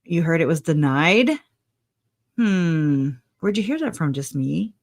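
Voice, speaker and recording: A woman's voice: low voice, expressive, a little slow, darkish tone. A woman hosting a casual livestream, chatting, laughing often and greeting viewers by name. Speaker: livestream host.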